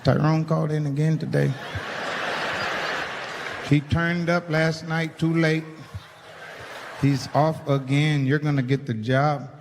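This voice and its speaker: A man doing stand-up comedy, telling a story in an animated, profane way and acting out the people in it. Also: on the high side, takes it slowly, gravelly, long pauses, noisy background. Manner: animated, profane, acts out the people in his stories. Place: stage in a large venue with a live audience. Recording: live hall reverb and a loud laughing crowd.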